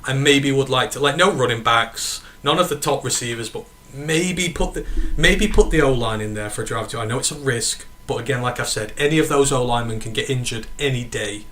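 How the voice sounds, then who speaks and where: A man with a northern English accent chats casually on a sports stream, answering viewers' questions and correcting himself as he goes. His voice sits mid-pitch and sounds bright and forward. He rambles a little but keeps talking. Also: a little fast, few pauses, a little hiss or hum. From northern England. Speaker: podcast host. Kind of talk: casual sports chat reading live comments.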